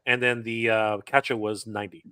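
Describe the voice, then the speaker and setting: A man's voice: lowish voice, little pitch movement, a little fast, bright, forceful tone, clean tone. A man on a live stream, correcting figures in a casual, teasing way.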